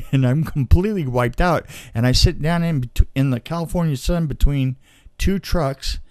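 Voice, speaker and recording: A man's voice: a little high, moderate pace, mellow, no room sound, studio quality. A man telling a long personal story in casual chat, laughing often and restarting his sentences. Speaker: storyteller guest. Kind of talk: casual anecdote.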